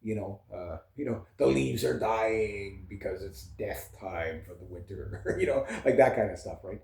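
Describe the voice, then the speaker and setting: A man's voice: fairly low pitch, measured pace, creaky, darkish tone, reverberant. A man, a vlogger and musician, chatting casually and rambling between topics with lots of fillers and restarts. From Canada.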